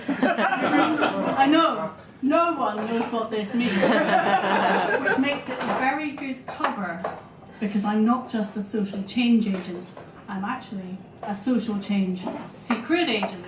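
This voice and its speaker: Slow-talking Scottish woman doing stand-up. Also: fairly high pitch, roomy sound, distant mic, very noisy. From Scotland. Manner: self-deprecating, halting with fillers. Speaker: stand-up comedian. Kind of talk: stand-up comedy set. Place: small venue with live audience.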